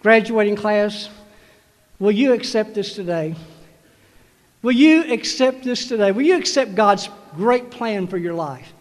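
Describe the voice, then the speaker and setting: A man's voice: high-pitched, expressive, measured pace. A man preaching a graduation sermon, urging the class with emphatic repetition. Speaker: commencement preacher. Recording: long hall reverb.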